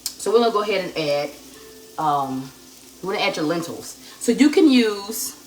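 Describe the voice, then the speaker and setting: A woman hosting a live cooking demonstration, calm and chatty as she talks straight to her viewers. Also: medium pitch, moderate pace. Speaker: cooking show host. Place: home kitchen. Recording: echoey kitchen with sizzling pan noise. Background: frying and sizzling from the pan.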